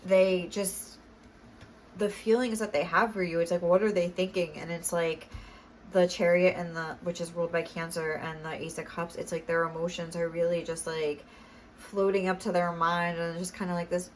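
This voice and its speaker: A woman's voice: fairly low pitch, steady tone, normal speed, a little hiss or hum. A young woman giving a casual tarot reading, chatty and full of fillers, often laughing as she talks. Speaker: tarot reader.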